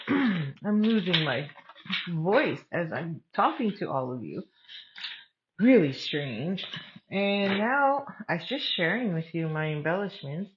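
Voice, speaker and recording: A woman leads an online craft class in a relaxed, chatty way, thinking aloud as she works through each step. Her voice sits a little low. The sound is dull and lo-fi. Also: a little hiss or hum. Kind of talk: casual step-by-step craft demo.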